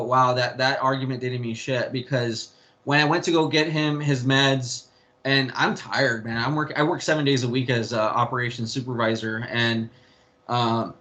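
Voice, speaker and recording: Medium in pitch and a bit bright, the man's voice belongs to a young interview guest. He tells candid stories about his family, wandering, starting over, and swearing now and then.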